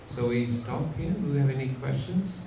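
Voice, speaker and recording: A man speaks to a live gathering, telling a sacred story with animated delivery and pauses for his listeners. He sits at a distance from the mic in a roomy, echoing hall. A constant background noise hangs under the voice. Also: medium pitch, creaky. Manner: animated, acts out characters, asks the audience questions. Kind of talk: devotional storytelling talk. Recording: echoey room from far off, background noise.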